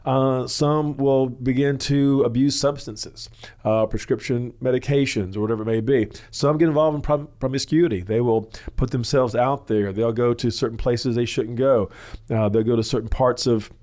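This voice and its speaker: A man hosting a church counseling show, explaining at length in a loose, rambling way, often pausing with "uh" and "you know". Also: mid-range voice, steady tone, darkish tone. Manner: rambling, full of "uh" and "you know", acts out quoted voices. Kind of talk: teaching talk on a question-and-answer show.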